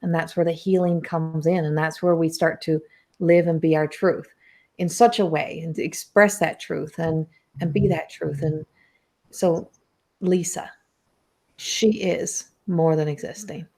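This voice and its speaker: Lady hosting a podcast, chatty and animated, says like a lot. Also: sits low, a little slow. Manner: animated storytelling, heavy use of "like". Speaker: podcast host and spiritual coach. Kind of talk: casual podcast conversation.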